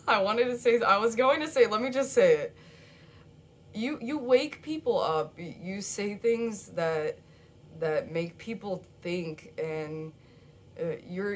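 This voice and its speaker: A woman's voice: on the low side, a little hiss or hum. A young woman giving a casual tarot reading to camera, chatty and emotional, repeating words and laughing often. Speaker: tarot card reader.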